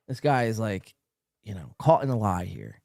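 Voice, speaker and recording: A male host riffs through a late-night live stream, loud and profane and quick to mock. His pitch leaps up and down as he talks. The sound is close and dry, with no room around it. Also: vocal fry, no echo. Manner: loud, mocking, profane, laughs often. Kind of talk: casual live stream commentary.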